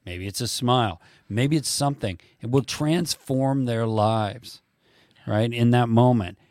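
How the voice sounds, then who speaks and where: A man's voice: medium pitch, darkish tone, dry recording. Man, podcast host, emphatic preacher-like delivery, dry sound. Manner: slow, emphatic, preacherly reading of quotes. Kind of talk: faith conversation.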